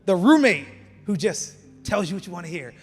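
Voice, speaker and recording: A man preaching as a campus pastor, passionate, rising to loud emphatic peaks and dropping to quiet, intimate passages. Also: sits high, very animated, normal speed. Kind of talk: energetic sermon. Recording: reverberant hall with faint music.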